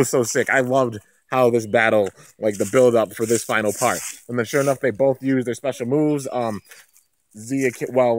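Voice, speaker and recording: A man giving a casual, excited recap of an anime episode, rambling with lots of "like" and "you know". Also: mid-range voice. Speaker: anime reviewer.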